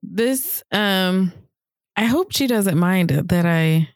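A woman in her thirties co-hosting a podcast, telling a story casually and acting out the people she quotes in higher voices. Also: expressive, takes it slowly, no room sound, clean studio sound. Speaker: podcast co-host.

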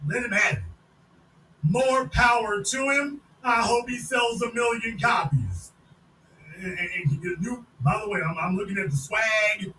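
A podcast host, a man, loudly mocking a video in casual commentary and repeating his points. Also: very high-pitched, expressive, unhurried. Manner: mocking, loud, repetitive. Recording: echoey room, distant mic, faint noise.

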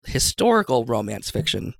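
A man's voice: mid-range voice, very animated, moderate pace, creaky. A man from the Seattle area hosting a casual interview, joking and self-deprecating. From Seattle area, USA. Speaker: podcast host.

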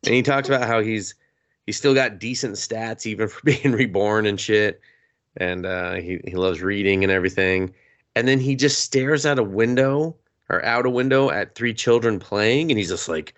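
A man with a somewhat low voice chats his way through an anime plot on a podcast. He is crude and playful, switching into high goofy impressions of the characters as he goes. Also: moderate pace, fairly bright tone. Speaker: podcast co-host. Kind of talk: casual anime review chat.

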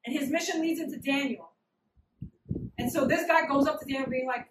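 A woman preaching a casual sermon with slangy, animated storytelling. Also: sits high, fairly quick. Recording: roomy, distant, noisy hall.

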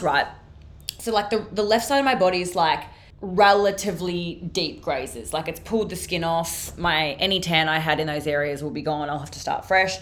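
A young woman hosting her own podcast, telling a story in a chatty, casual way, swearing freely and using lots of fillers. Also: on the low side. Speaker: podcast host.

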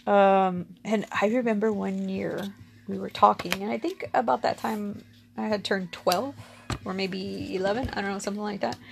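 A woman's voice: mid-range voice, fairly even intonation, normal speed, creaky. Frank woman telling a personal story. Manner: frank and candid, swears casually, laughs often. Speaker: storyteller sharing personal experience.

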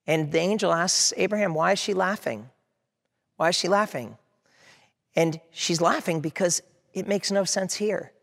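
A man preaching as a pastor, earnestly voicing the prayers and objections of his listeners as he goes. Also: sits high. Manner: earnest preaching, quotes prayers and hecklers aloud. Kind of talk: sermon. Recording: long hall reverb.

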